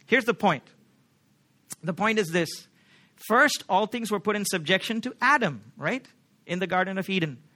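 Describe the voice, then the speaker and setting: A man's voice: sits high, expressive, moderate pace, long pauses, pushed and bright. A man preaching a sermon as pastor, emphatic, often asking the congregation questions like "right?".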